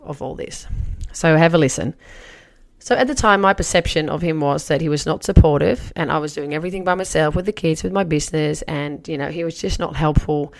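A woman in her forties, a life coach, teaching through a personal story in a chatty, animated way. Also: sits low, creaky. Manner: chatty, animated, acts out her own past remarks.

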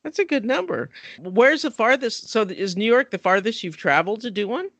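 High-voiced man chatting with laughs. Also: very animated, fairly quick, fairly bright tone, dry recording. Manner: laughs often, encouraging. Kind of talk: casual chat.

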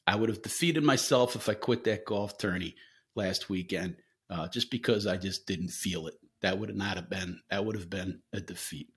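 Low-voiced man hosting a candid solo podcast. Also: moderate pace. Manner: rambling, candid, swears freely, frequent fillers. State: coughing now and then. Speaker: podcast host. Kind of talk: casual solo podcast monologue.

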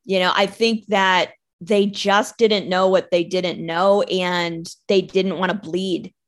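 A woman's voice: on the low side, steady tone, slow. Woman guest on a recruiting podcast, chatty and candid, trips into her sentences. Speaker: guest, recruiting business owner. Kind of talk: casual interview chat.

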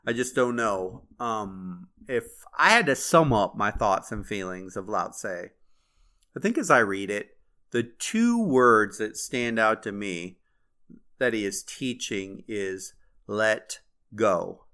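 Male podcast host, bright tone, earnest and chatty, reads a passage and then reflects on it. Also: on the low side, lively intonation, takes it slowly. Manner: earnest, conversational, with fillers and restarts.

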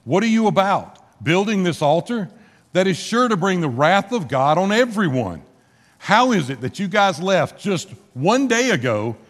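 A man's voice: high-pitched, pitched above the performer's own voice. A man preaching in a church while acting out exasperated ancient chief priests who fire incredulous scolding questions. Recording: long hall reverb.

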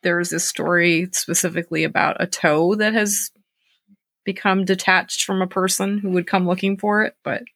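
A woman reading spooky tales aloud for a podcast, with a bright, forceful tone and lively acted-out quotes. The sound is dry and close, with no room echo. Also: lowish voice, moderate pace. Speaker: podcast host and storyteller. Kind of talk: reading scary stories aloud.

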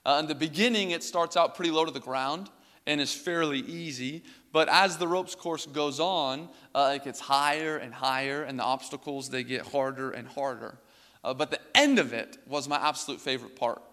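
A man's voice: a little high, normal speed, pushed and bright. A young man preaching a sermon, telling a personal story in a casual way with many filler words. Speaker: pastor. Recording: reverberant hall.

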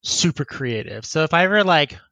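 A man's voice: fairly high pitch, lively intonation, a little fast, bright, forceful tone, no echo. A man co-hosting a casual podcast, who laughs often and rambles while he reads listener emails and chats. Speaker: podcast co-host.

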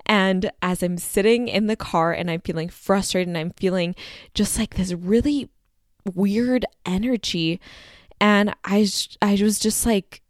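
A woman's voice: medium pitch, measured pace, no echo, clean studio sound. A young adult woman hosting her own podcast, talking candidly in a casual monologue, full of "like" and free with swearing. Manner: candid and chatty, heavy use of "like"; swears freely. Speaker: podcast host.

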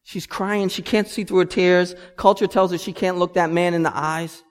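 A man in his thirties preaching a sermon as pastor, animated and building to loud emphatic peaks. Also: high-pitched, moderate pace, clean tone. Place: church sanctuary. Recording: long hall reverb.

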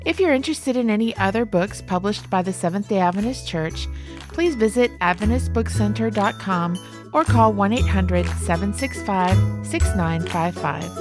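Woman, announcer, reads credits, middle pitch, cheerful children's music underneath. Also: animated, normal speed. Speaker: podcast announcer. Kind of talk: scripted closing credits.

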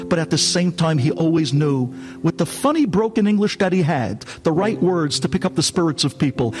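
A man, a rabbi, giving a sermon in an animated, dramatic storytelling way. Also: high voice.

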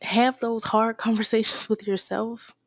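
A woman's voice: fairly high pitch, little pitch movement, unhurried, no echo. A woman talks straight into a close, dry mic, giving a faith-based pep talk on her own show. Her delivery is preachy and encouraging, and she laughs often as she speaks. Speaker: podcast host.

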